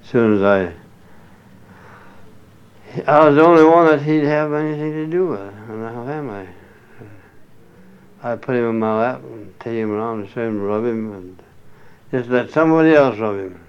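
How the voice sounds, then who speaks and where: A man's voice: medium pitch, normal speed, pauses often, clear, resonant tone. An older man being interviewed, telling rambling stories in a folksy, salty way with chuckles. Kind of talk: rambling oral-history storytelling. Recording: muffled lo-fi recording.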